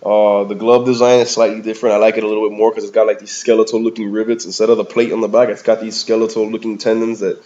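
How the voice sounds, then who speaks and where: A man's voice: fairly low pitch, level tone, quick pace, few pauses, warm tone. A man giving a casual, rambling movie review in slangy talk, often calling the listener "man" or "bro". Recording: slightly dull lo-fi recording.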